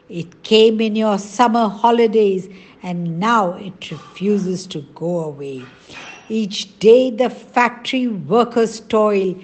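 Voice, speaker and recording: A woman's voice: fairly high pitch, a little mellow. A woman voicing a wise, mournful old female crow in a storybook reading, lamenting and pleading.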